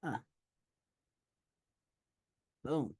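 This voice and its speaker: A woman teaching a casual trading lesson over a screen share, slangy and animated, telling stories with loud exclamations. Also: extremely slow, no room sound, studio quality. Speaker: trading instructor.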